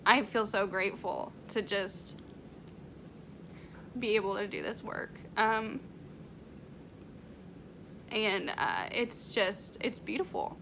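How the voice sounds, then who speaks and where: A woman working as a medium, talking emotionally in a vlog, close to tears, halting with many restarts and fillers. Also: medium pitch, sing-song, gravelly, noisy background.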